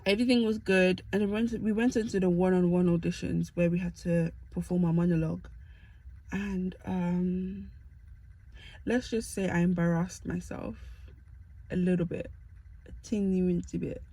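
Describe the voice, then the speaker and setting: A woman's voice: fairly low pitch, steady tone, normal speed, warm tone, dry recording, poor audio. A young woman from the UK telling stories to camera in a chatty, self-mocking way. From United Kingdom. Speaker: vlogger. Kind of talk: casual storytelling to camera.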